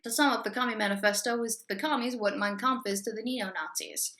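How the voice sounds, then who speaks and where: A woman's voice: a little high, fast talker, loud music behind the voice, a loud crowd. A woman hosting a satirical explainer video, talking in a sarcastic, crude and irreverent way. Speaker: comedy video host.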